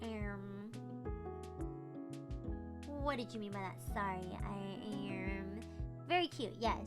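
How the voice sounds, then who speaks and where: A woman's voice: mid-range voice, slow pace. A young woman livestreamer chatting casually with her viewers, bubbly and giggly, with frequent little laughs. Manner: bubbly, giggly, self-promoting. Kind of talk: casual stream chat. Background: background music.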